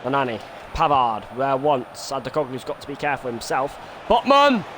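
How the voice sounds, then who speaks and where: A man streaming a football video game, doing his own match commentary that swings from quiet musing to shouted goal calls. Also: medium pitch, big pitch swings, normal speed. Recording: noisy background ambience.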